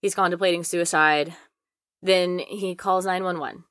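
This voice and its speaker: A woman's voice: on the low side, animated, measured pace, a bit bright, dry recording, clean studio sound. A young woman co-hosting a podcast, casually retelling a true-crime story with lots of "like" and swearing. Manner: chatty, heavy use of "like" and swearing. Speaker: podcast co-host.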